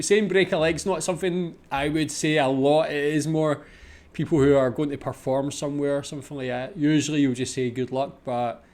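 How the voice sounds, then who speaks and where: A man reacting to a video, thinking aloud in a casual, questioning way with pauses and restarts. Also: on the high side, a little mellow. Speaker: reaction channel host.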